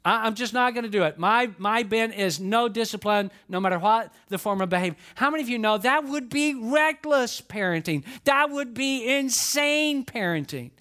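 An older male pastor with a notably high voice. He preaches a story-filled sermon and keeps checking in with his listeners through direct questions. He often repeats his key lines for emphasis. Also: animated, normal speed, hardly any pauses, pushed and bright. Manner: repetitive, questions the congregation, storytelling.

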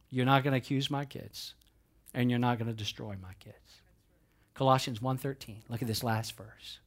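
Man, pastor, sermon, church service, emphatic, builds to loud climaxes. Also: medium pitch.

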